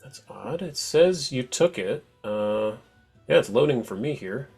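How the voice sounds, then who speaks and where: A man's voice: medium pitch, expressive, unhurried, gravelly, darkish tone, slightly rough, faint music behind. A man as game master of an online tabletop game, chatty and upbeat, often laughing.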